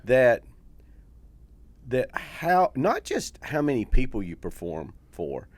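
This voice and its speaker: Reflective male host with lively pitch. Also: slow pace, dry recording. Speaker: interview host and comedy teacher. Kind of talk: casual interview chat.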